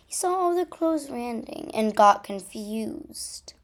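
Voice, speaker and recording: A woman reading a children's story aloud as storyteller, in a gentle read-aloud way. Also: fairly high pitch, expressive, slow pace, hardly any pauses.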